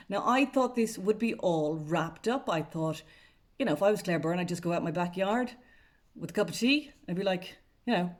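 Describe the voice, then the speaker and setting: A woman's voice: lowish voice, expressive, moderate pace. A woman with an Irish accent, a journalist giving a wry, sarcastic, chatty update straight to camera. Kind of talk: casual vlog commentary.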